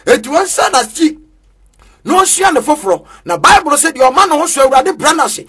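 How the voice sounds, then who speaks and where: A man preaching an energetic street sermon, chanting in a sing-song way with bursts of shouting. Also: very high-pitched, brisk, soft background music.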